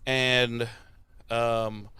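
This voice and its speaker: A man's voice: mid-range voice, drawn-out words, smooth, no room sound. Young guy cohosting a podcast, swears a lot, does silly voices for quotes, clean dry sound. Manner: animated, acts out quotes in exaggerated voices. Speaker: podcast co-host. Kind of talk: casual profane recap chat.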